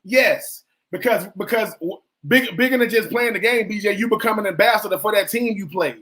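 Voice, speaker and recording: High-voiced man preaching on sports radio. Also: brisk, fairly bright tone. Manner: emphatic and preachy, repeats points for effect. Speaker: sports radio co-host, former college football player.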